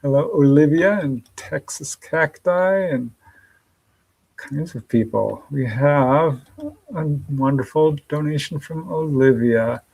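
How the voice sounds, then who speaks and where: Speaking slowly in a slightly high, creaky voice with a darkish tone, a podcast host runs a live stream of casual chat. He's upbeat and chatty, frequently laughing and welcoming viewers by name. The recording is low quality.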